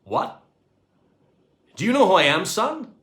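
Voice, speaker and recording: A man's voice: mid-range voice, big pitch swings, slow pace, fairly bright tone. A swaggering, bossy astronaut captain with an American accent, put on by a man reading a storybook. He squawks orders and drips sarcasm, his voice leaping up and down. The room has a noticeable echo. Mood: commanding. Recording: echoey room.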